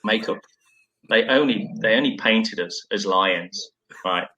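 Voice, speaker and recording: A man's voice: fairly low pitch, measured pace, bright, forceful tone, lo-fi sound. A middle-aged man and former footballer, telling self-deprecating stories in a rambling, casual way.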